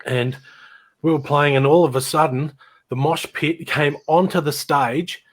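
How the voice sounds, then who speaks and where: A man's voice: fairly high pitch, steady tone, a little slow. A middle-aged Australian man telling rambling stories about his old band in casual chat, laughing and imitating people as he goes.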